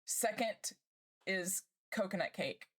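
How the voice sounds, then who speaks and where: A woman streamer chatting casually with her live chat, bubbly and gushing and quick to laugh. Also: medium pitch, animated, fairly bright tone, breathy edge.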